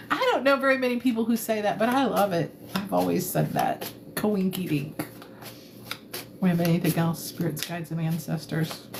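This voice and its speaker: A woman's voice: fairly low pitch, fairly even intonation, brisk, creaky, noisy background. A woman tarot reader chatting casually on a live stream, playful and giggly, rambling as she talks into a phone.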